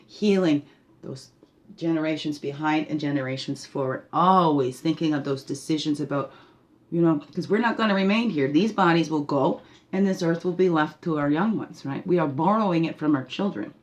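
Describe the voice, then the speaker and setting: A woman's voice: sits low, moderate pace. Woman giving rambling spiritual guidance. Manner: meandering, laughing, often asks "right?". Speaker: spiritual guide.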